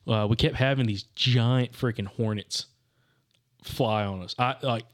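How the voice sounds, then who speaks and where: A man's voice: medium pitch, fairly even intonation, a little slow. A young man hosting a podcast, telling a hunting story in loose, rambling casual chat full of "dude" and "like.". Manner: rambling, says "dude" and "like" constantly.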